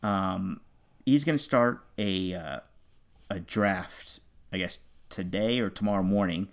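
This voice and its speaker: Low, gravelly man on a podcast. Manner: halting, with restarts and fillers. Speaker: podcast co-host. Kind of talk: casual fantasy football chat.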